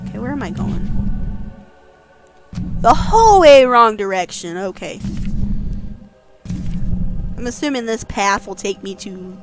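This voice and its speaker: A woman giving casual let's-play commentary as a guest host, jumpy and quick to yelp when frightened. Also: mid-range voice. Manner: jumpy, yelps and squeals when scared.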